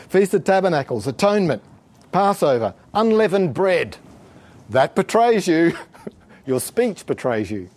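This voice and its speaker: A man delivering a sermon with a somewhat high voice that swings widely in pitch. He preaches emphatically and exhorts his listeners, often breaking into chuckles. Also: big pitch swings, unhurried, a little mellow.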